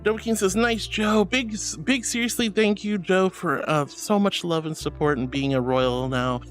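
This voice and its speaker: A woman VTuber chatting casually with viewers, reading their messages aloud and calling them honey and sweetie. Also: mid-range voice. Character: furry angel VTuber avatar. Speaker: VTuber streamer.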